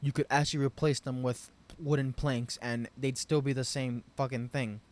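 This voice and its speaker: Male vlogger, mid-pitched, ranting off the cuff about a game, profane and exasperated. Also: flat delivery, moderate pace. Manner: profane, rambling, frustrated ranting with loud bursts. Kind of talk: unscripted game review rant.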